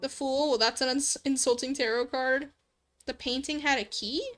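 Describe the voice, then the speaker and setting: A woman's voice: high-pitched, fairly even intonation, moderate pace, a bit bright. A young adult woman streamer in casual let's play commentary, chatty and giggly, thinking aloud. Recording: faint background music.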